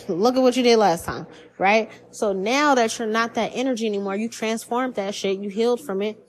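A woman's voice: fairly high pitch, moderate pace. Blunt, profane woman tarot reader. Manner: blunt and profane, acts out quoted voices. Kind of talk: casual spiritual podcast monologue.

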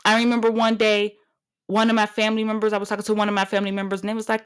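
A woman's voice: medium pitch, completely flat delivery, racing, smooth. A woman in her thirties hosting a solo podcast, talking in a brash, profane, swaggering way. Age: 30s. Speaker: podcast host.

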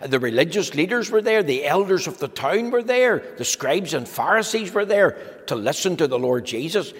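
A man giving a children's talk in church, telling a story slowly and gently to the children. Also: fairly high pitch, husky. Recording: long hall reverb.

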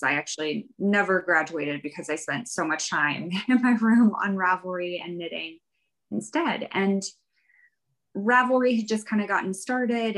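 A woman's voice: fairly low pitch, a bit bright, rough recording. A woman guest in a casual interview, telling her story in a rambling, chatty way with light laughs. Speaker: guest, fiber arts professional.

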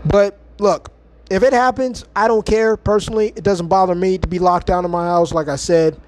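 A man's voice: high voice, steady tone, moderate pace, darkish tone, dry recording. A man hosting a podcast, delivering a heated, mocking and profane ranting monologue from home. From United States. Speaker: podcast host.

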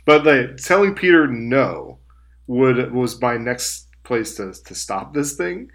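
Young male co-host, casual and sarcastic, expressive pitch swings. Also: slow. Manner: sarcastic, swears freely, does mocking voices. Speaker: podcast co-host. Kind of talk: casual chat.

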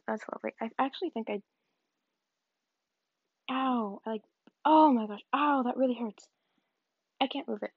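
A young woman from the American South talks her way through a casual vlog, rambling and teasing herself with giggly asides. Her voice sits fairly high for a woman. The recording sounds dull and dry, with a lo-fi tone. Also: normal speed, creaky, a little mellow, husky, no echo. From Southern United States. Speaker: vlogger. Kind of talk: casual vlog monologue while tidying.

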